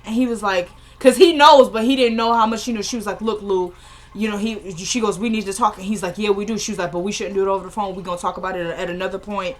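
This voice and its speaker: A woman's voice: mid-range voice, fairly even intonation, fast. Woman recapping a TV episode. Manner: retells scenes in quoted dialogue, laughing and exasperated asides. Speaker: show recapper.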